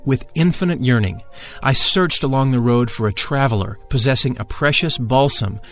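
A man reading a first-person spiritual memoir aloud in a measured, formal and emphatic way, now and then drawing out intoned vowels. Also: mid-range voice, a bit bright, soft background music. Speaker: audiobook narrator.

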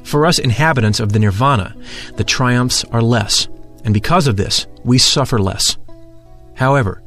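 A man voicing a serene heavenly maiden, calm and measured. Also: mid-range voice, faint music behind, close to an everyday voice.

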